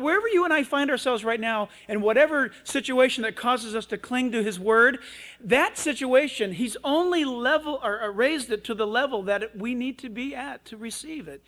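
A man preaching with a high, light voice. He tells a story with lots of energy and acts out the voices of the people in it. The talk is a sermon for radio. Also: a little fast, fairly bright tone. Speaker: pastor.

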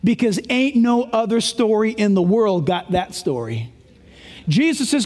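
A man's voice: high-pitched, expressive, a little slow, darkish tone, big-room sound. A male pastor preaching a sermon, emphatic and conversational, full of rhetorical questions.

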